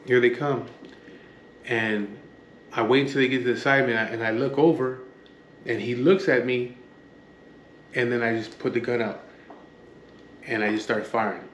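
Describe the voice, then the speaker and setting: A man's voice: mid-range voice, fairly even intonation, moderate pace, long pauses, a bit bright, slight background noise. Blunt, profane man. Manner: blunt and profane, acts out the dialogue. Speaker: storyteller recounting his past. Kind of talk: casual spoken storytelling. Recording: roomy with faint background ambience.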